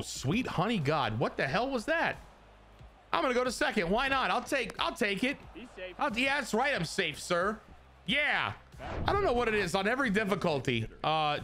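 Pria gamer yang heboh dan ekspresif. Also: male voice, normal speed, soft background music. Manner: excitable, crude joking, swings between loud hype and low mutters. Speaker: gaming YouTuber. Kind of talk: casual gameplay commentary.

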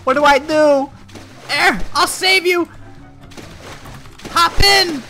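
A young man giving crude, excitable gameplay commentary, laughing often as he plays. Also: extremely high pitch, slow, faint music behind. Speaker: gaming YouTuber.

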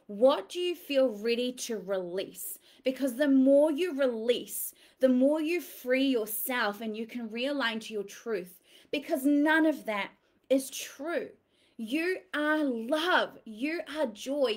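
A woman with a high voice guides listeners through a release visualization at an unhurried pace. She speaks earnestly and coaxingly, pressing into fervent urging. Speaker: women's empowerment mentor.

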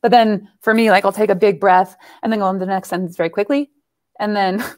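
A woman's voice: medium pitch, steady tone, fast talker, darkish tone. A woman from Texas who narrates audiobooks and does comedy, chatting casually and laughing often. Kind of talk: casual chat.

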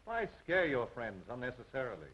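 An actor playing a brash, sarcastic suitor in a 1930s film. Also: male voice, medium pitch, big pitch swings, fairly quick, close to an everyday voice. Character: cocky young male suitor. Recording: dull 1930s film soundtrack, faint hiss.

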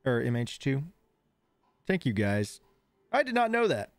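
A man's voice: mid-range voice, big pitch swings, unhurried, no room sound. A man streaming a game live, rambling and distracted, slightly lisping after dental work and on painkillers. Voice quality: slightly lisping from missing front teeth. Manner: rambling, easily distracted, giggly. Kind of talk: live gameplay commentary.

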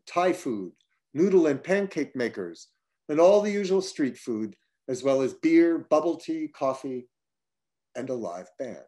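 A man reading his own personal travel essay aloud, measured and slowing through long lists, breaking off now and then for casual asides. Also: medium pitch, a little mellow. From United States (upstate New York).

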